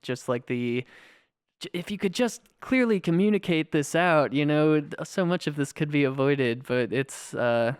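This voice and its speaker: A man co-hosting a movie podcast, chatting casually with short agreeing replies and halting restarts. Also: fairly high pitch, lively intonation, clean tone, no echo, studio quality. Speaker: podcast co-host.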